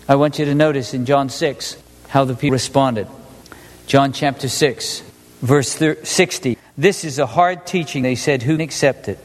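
A male pastor preaching a sermon in an animated, conversational way, often asking the congregation questions. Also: mid-range voice, moderate pace, in a large hall.

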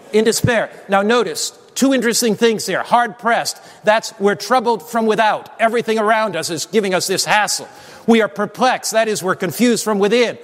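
High-voiced preacher in a reverberant hall. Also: male voice, a bit bright. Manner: emphatic, prompts congregation to answer. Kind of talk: sermon with call-and-response. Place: church sanctuary.

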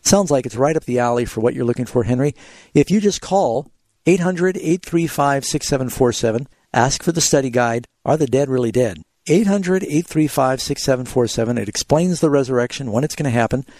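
A man's voice: medium pitch, lively intonation, a little fast, a little mellow, no echo. Man hosting a Bible call-in show. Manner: explanatory, tells illustrative stories. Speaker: radio call-in show host and pastor. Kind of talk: radio Bible question call-in.

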